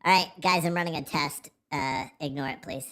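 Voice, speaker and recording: A man's voice: fairly high pitch, normal speed, a bit bright. A man hosting a casual livestream, joking, rambling and swearing freely as he reads the chat. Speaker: livestream host.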